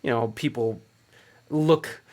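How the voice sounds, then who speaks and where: A man's voice: mid-range voice, slow pace, darkish tone. A man hosting a casual interview, talking bluntly with swearing and loose, rambling questions. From Mexico, half Mexican heritage. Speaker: podcast host.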